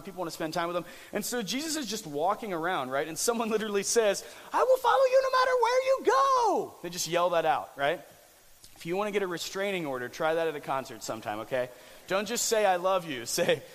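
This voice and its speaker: A young male pastor talks through a scripture passage in a relaxed, joking way, often restarting his phrases. His voice sits a bit high for a man. It rings with the long reverb of a large church hall. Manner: conversational, frequent restarts, jokey asides. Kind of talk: casual sermon.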